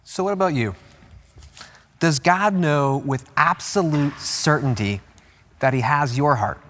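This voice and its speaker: A man preaching a sermon as pastor, emphatic and animated, repeating key words and jumping up in pitch to stress them. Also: unhurried, a little hiss or hum. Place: large church auditorium. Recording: long hall reverb with faint music.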